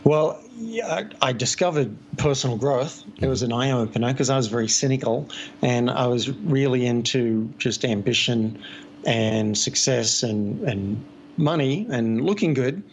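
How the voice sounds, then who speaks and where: A man's voice: mid-range voice, a little slow, slight background noise. A man from Australia whose accent is blended with American, a coach talking through his story easily as a podcast guest. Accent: Australian mixed with American. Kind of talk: conversational podcast interview.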